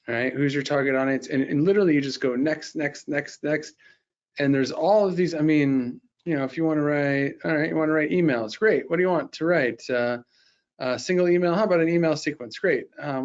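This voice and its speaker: A middle-aged man giving a live sales pitch and software demo, talking in an energetic, conversational way with quick restarts. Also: lo-fi sound. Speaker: sales presenter.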